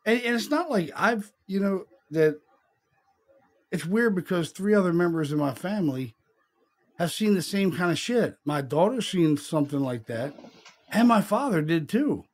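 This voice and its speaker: Rambling middle-aged man, higher voice. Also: lively intonation, a little slow, darkish tone. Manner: rambling, swears casually, says "man" and "dude". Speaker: podcast host. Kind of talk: casual storytelling chat.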